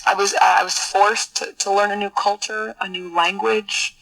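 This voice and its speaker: A middle-aged woman guest telling a personal story in an interview, earnest and halting, often repeating words as she searches for them. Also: medium pitch, level tone, creaky, fairly bright tone, low-quality recording. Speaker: podcast guest, military officer.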